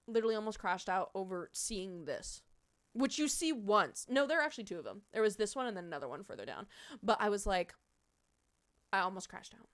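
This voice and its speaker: A young woman streamer with a Midwestern American accent, chatting casually with viewers, animated, swearing and laughing often. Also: mid-range voice, fairly quick.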